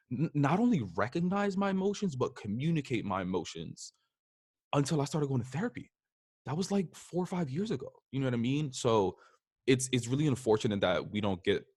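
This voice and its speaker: A man hosting a podcast, reflecting and sharing a personal story in a relaxed, chatty way. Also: on the low side, no echo, clean studio sound. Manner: reflective, shares personal anecdotes with frequent fillers. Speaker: podcast host. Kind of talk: casual interview talk.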